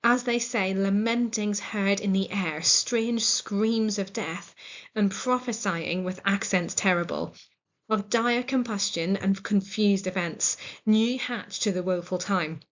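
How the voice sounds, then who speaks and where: An English woman reading the part of Lennox, a male lord describing an unruly night, slowly and deliberately. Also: mid-range voice, lo-fi sound, natural voice. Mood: uneasy.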